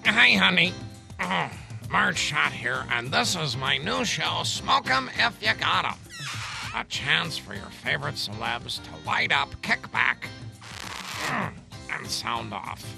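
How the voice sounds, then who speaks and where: A man playing a raspy, chain-smoking older woman talk-show host who is crude and calls everyone honey, in a comedy radio sketch. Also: a little high, big pitch swings, slow pace, music in the background, full character voice. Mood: brassy. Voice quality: gravelly, smoky.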